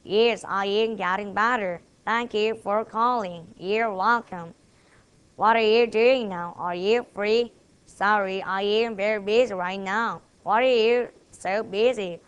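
Slow, careful Korean-accented woman. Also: mid-range voice, clean tone, highs cut off. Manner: plays both sides of each dialogue, deliberate and careful. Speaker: student presenter. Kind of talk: reciting memorized English dialogues.

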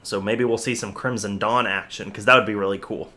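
A man hosting his own reaction vlog, chatting in an excitable, rambling way with lots of fillers and repeated words. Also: lowish voice, a little fast. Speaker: host.

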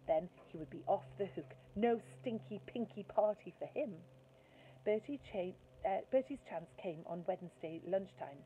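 A woman, a primary school teacher, reading a children's storybook aloud in an expressive way, heard through a tinny phone-like line. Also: on the low side, a little hiss or hum.

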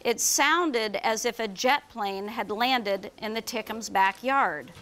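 Brief: woman author, high voice, reads her kids' book aloud at a bookstore, lively and chatty. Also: slow pace. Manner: lively, storytelling with fillers. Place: bookstore event.

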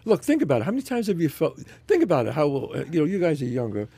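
A middle-aged man, a podcast guest, telling stories in a casual chat, animated and often restarting his sentences. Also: fairly high pitch, fast talker, vocal fry, slightly rough. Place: podcast studio.

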